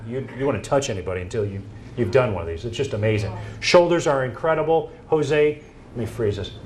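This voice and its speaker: A man giving a presentation to an audience, telling stories and acting out quoted dialogue in an animated way. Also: mid-range voice, a little hiss or hum.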